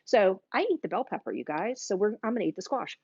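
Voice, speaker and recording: A woman's voice: medium pitch, animated, quick pace, creaky, darkish tone, husky, no echo. A woman hosting a live cooking demo, chatty and gushing as she talks straight to her viewers. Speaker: cooking class host. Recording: dull, dry live-stream audio.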